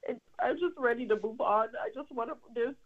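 A woman's voice: on the high side, fairly quick. A woman calling in to a radio show as a daughter, speaking in an apologetic, tearful way. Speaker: caller, daughter. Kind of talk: emotional phone conversation. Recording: muffled phone line.

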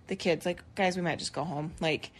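A woman's voice: on the low side, a little fast, breathy edge. A woman in her thirties, a podcast co-host, telling a story in casual chat and acting out the quotes. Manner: animated storyteller, acts out quotes, laughs often.

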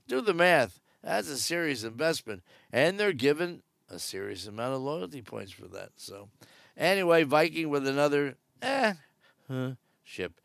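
A man's voice: a little high, lively intonation, moderate pace, gravelly, fairly bright tone, no room sound, studio quality. A man giving casual, wry cruise news commentary from aboard a ship, joking sarcastically. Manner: chatty and wry, jokes sarcastically.

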